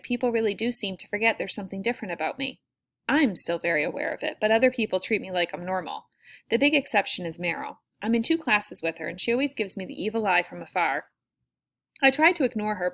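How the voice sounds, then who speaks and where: A woman narrates a first-person audiobook in a soft, reflective tone. Her pitch sits in a typical middle range and her delivery is calm and even-paced.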